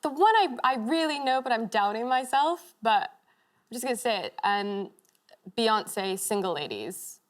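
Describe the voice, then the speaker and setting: A woman's voice: on the high side, lively intonation, a little slow. A woman with an American accent, raised in Scotland, chatting shyly as a contestant on a TV quiz show. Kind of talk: casual chat. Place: TV studio.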